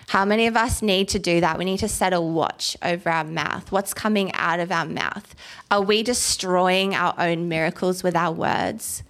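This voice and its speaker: A woman preaching a casual, animated sermon, reading scripture aloud and acting out the biblical figures in quick asides. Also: fairly low pitch. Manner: animated, acts out biblical voices.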